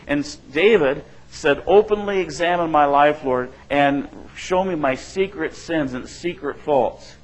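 A man's voice: a little high, unhurried, few pauses, poor audio. A middle-aged male pastor preaching in a loose, conversational way, often checking in with the room and acting out quotes. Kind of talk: sermon.

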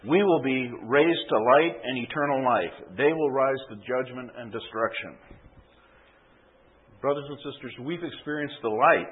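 A man's voice: medium pitch, normal speed, husky. A man preaching a sermon, telling an illustration story and often adding a checking "okay?". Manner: storytelling with frequent tag "okay?". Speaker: pastor. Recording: tinny phone-like sound.

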